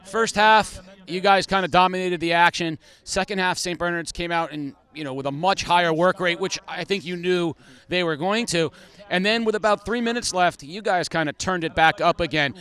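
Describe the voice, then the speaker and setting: A man reporting on sports asks a coach questions after the game. His voice sits high and sounds bright, and he phrases his questions in a loose, conversational way. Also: normal speed. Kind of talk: post-game interview questions.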